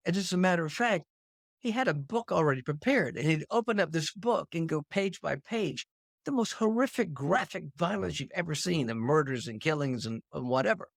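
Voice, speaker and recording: An older man hosting his own show, telling an anecdote to camera in an animated storytelling manner. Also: a little fast, vocal fry, dry recording, studio quality. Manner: animated anecdote-telling, pitch leaps on punchlines. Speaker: host.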